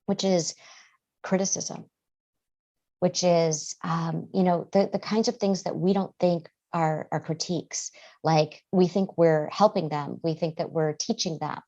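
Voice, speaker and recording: A woman's voice: on the low side, normal speed, mellow, highs cut off. A woman guest therapist giving earnest podcast interview answers, often acting out how parents and children talk.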